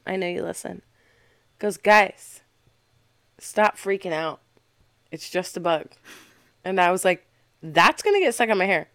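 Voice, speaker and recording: Lively, animated woman telling stories. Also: mid-range voice, dry recording, studio quality. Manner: animated storytelling with swearing and loud mimicry. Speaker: podcast co-host. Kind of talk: casual chat.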